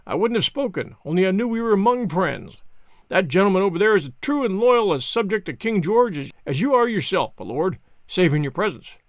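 A man's voice: high voice, sing-song, a little fast, dry recording, clean studio sound. Man doing a bustling folksy innkeeper. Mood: eager. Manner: folksy, deferential. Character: jovial old English innkeeper, bustling, deferential.

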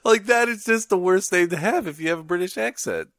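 A man co-hosting a podcast in casual chat, animated and laughing often. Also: high-pitched, brisk, no echo, clean studio sound. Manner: animated, laughs often, does silly voices in stories. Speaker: podcast co-host.

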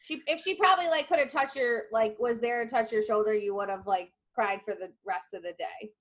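Young woman from upstate New York, slightly high voice, emphatic rambling chat. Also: a little fast, a bit bright. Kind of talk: casual chat among friends.

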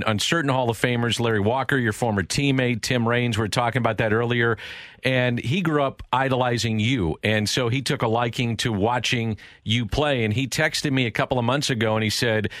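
Man, radio interviewer, enthusiastic, mid pitch, dry close sound. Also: a bit bright, no echo.

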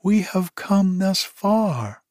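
Man reading a pleading storybook monkey, voice pitched up high, dry sound. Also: sing-song, very slow, darkish tone, dry recording, heavily acted. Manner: pleading and earnest. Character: eager young male monkey companion, pleading.

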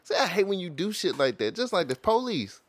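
Male co-host, casual joking chat, close dry mic, expressive pitch. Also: brisk, dry recording. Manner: joking, playful, mock-serious. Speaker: podcast co-host. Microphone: close studio mic.

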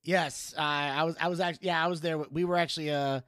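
A man's voice: a little high, steady tone, quick pace, fairly bright tone. A man co-hosting a podcast, chatting casually and telling rambling stories with lots of fillers. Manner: rambling storyteller, drops into cartoon impressions. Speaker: podcast co-host. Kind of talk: casual chat.

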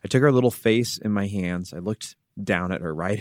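A man's voice: fairly low pitch, moderate pace, hardly any pauses, dry recording, clean studio sound. Earnest man hosting a Bible talk. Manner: earnest storytelling, drops soft and quiet for tender moments. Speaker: podcast host.

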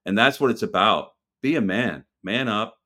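A man with a fairly low voice talks as a podcast guest. He is blunt and fired up, and he throws in a curse word here and there. He tells his stories with a lot of heat. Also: expressive, normal speed, sharp tone. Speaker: restaurant owner, guest. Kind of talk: casual podcast interview.

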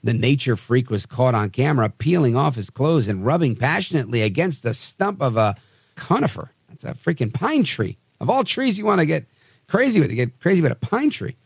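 A man hosting a podcast, telling odd news stories with wry, animated asides. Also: mid-range voice, a little fast, vocal fry, breathy edge, no room sound, clean studio sound. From New Jersey area. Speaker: podcast host. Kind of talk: casual news commentary.

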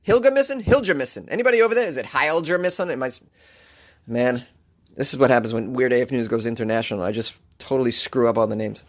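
A man hosting a comedy news show, reading odd headlines and riffing on them with sarcastic, animated rants and mock voices. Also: medium pitch, fast talker. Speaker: podcast host.

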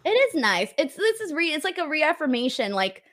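A woman's voice: high-pitched, sing-song, a little fast, a bit bright. A woman hosting a casual show, chatty and earnest, laughing often as she tells stories. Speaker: podcast host. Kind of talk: casual chat.

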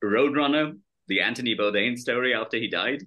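A man's voice: medium pitch, a little fast, sharp tone. A man co-hosting a podcast in casual chat, joking and laughing a lot. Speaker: podcast co-host.

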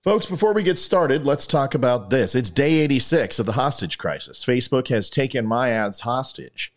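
A man's voice: medium pitch, expressive, normal speed. A man hosting his own podcast, rambling through a comic story and plugs with self-mocking jokes. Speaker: podcast host. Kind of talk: casual comedic monologue.

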